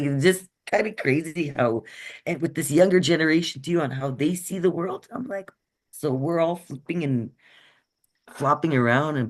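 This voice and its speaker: Woman talking on a video call, earnest and chatty, keeps asking "right?". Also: a bass voice. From Canada. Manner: earnest, checks in often with "right?". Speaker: guest speaker. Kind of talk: conversational workshop talk.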